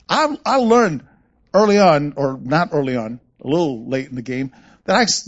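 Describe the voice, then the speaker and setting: Guy preaching a sermon, husky, acts out the voices in his stories, dull muffled audio. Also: a little high. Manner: animated storytelling, acts out quoted voices. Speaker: pastor. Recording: muffled lo-fi sound.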